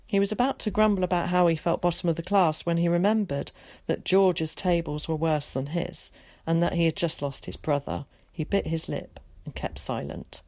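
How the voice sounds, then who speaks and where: A woman reading a children's story aloud in a steady, measured way, shifting into character voices for quotes. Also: on the low side, no echo, studio quality. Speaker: audiobook narrator. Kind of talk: storybook narration.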